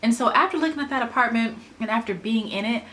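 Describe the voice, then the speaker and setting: A woman vlogger casually retelling a personal story in an animated, chatty way, often saying "like". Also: on the high side, quick pace.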